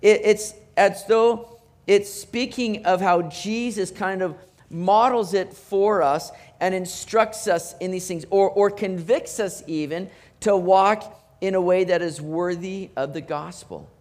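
A man preaching a sermon as pastor, animated, with emphatic rising bursts and repeated words. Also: high-pitched, a little slow.

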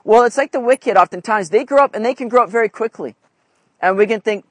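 High-voiced man preaching conversationally. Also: a little fast, fairly bright tone, no echo. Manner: conversational, asks "right?" often. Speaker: pastor. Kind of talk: sermon.

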